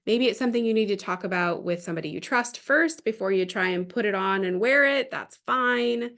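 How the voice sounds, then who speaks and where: Woman trainer on a video call, chatty and informal, many fillers, mid-range pitch. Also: a little fast, fairly bright tone. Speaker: parenting trainer. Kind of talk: online training talk with storytelling.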